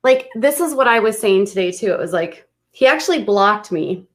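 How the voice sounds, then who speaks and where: A woman's voice: mid-range voice, animated, moderate pace. A woman giving casual, snarky, exasperated commentary on a livestream.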